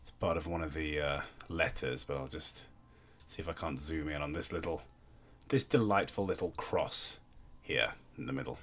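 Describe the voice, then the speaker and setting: A man's voice: rumbling low, moderate pace, fairly bright tone. A young man hosting a livestream, reading aloud and thanking donors in a wry, sweary way. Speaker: livestream host. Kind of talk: casual livestream commentary.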